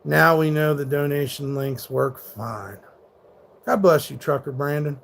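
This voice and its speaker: Combative, profane male livestreamer, higher voice. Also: measured pace, vocal fry, a bit bright, slight background noise. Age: 30s. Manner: combative, profane, rants back at hecklers. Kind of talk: live stream, answering chat.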